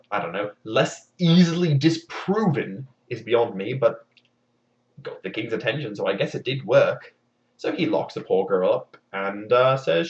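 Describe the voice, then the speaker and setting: A man's voice: mid-range voice, lively intonation, normal speed, far from the mic. A man retelling a fairy tale for comedy, full of wry, sarcastic asides. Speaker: storyteller. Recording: dull lo-fi recording.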